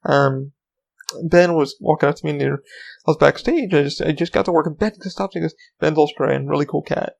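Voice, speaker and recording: Casual male podcast host, slightly high, gravelly voice, rambling and profane. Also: a little fast, darkish tone, poor audio. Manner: rambling, swears freely, frequent ums. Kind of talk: casual solo podcast chat.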